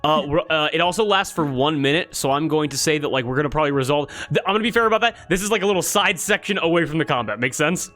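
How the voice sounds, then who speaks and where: A man running a tabletop game as game master, talking fast, often correcting himself and laughing. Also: fairly high pitch, expressive, a bit bright, soft background music.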